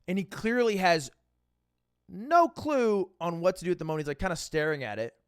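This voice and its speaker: A young man, a livestreamer, telling a story casually, animated and profane, acting out quotes. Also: high-pitched, moderate pace, clear, resonant tone, no room sound, studio quality.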